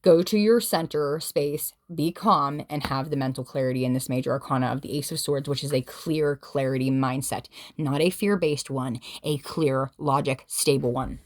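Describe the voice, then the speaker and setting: A woman giving a casual tarot reading at home, excitable and gushing, swearing freely as she talks. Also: very deep voice, normal speed, hardly any pauses. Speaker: tarot reader.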